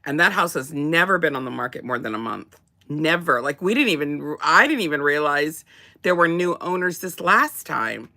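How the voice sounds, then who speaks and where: Woman chatting over morning coffee, bright clear tone, lots of restarts and laughing. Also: low voice, expressive, normal speed. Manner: rambling with many restarts and laughs. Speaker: co-host. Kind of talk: casual chat.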